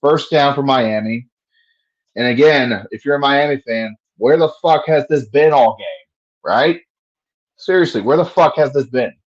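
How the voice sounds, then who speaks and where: A man's voice: mid-range voice, lively intonation, normal speed. Guy doing fan play-by-play, swearing and ranting, mid voice, kinda dull lo-fi sound. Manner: profane, frustrated, ranting. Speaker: fan livestream commentator. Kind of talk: casual play-by-play commentary.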